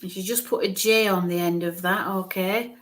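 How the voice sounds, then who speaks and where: A woman's voice: lowish voice, steady tone, moderate pace. A woman medium giving a live-streamed psychic reading, musing aloud, hesitant, repeating sounds and letters.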